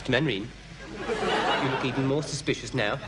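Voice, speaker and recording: An eager, naive young private, played by an actor talks with boyish keenness. Loud hiss runs through the old television audio. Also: male voice, medium pitch, brisk, a loud crowd, lightly acted. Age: young adult.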